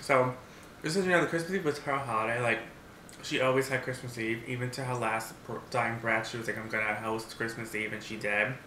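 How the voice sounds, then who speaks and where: A man with a bright, forceful voice eats on camera and tells a story in an animated, blunt way, swearing freely. His sound bounces around an echoey room over a faint hiss. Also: medium pitch, a little fast. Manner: animated, talks while eating; blunt and profane. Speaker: vlogger. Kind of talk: mukbang story time.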